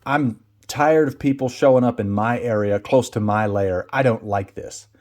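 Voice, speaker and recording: A man's voice: medium pitch, normal speed, darkish tone, lightly acted. A man voicing a grumpy, dim-witted male ogre in a solo tabletop game, grumbling irritably about intruders near its lair. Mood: irritated.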